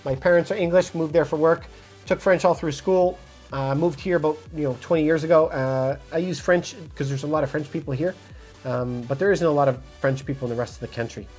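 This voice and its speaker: Realtor from Montreal, livestream Q&A, direct, casual, motivational, mid-pitched voice, soft music underneath. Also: fairly quick. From Montreal, Canada. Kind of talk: livestream Q&A answering chat comments. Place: indoors, phone livestream. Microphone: phone mic.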